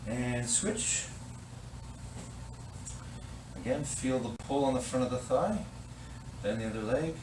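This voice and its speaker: A man's voice: medium pitch, normal speed. A man leading a balance and stretching class, giving encouraging step-by-step instructions. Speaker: fitness instructor. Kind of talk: guided exercise class. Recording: echoey room, distant mic, noisy.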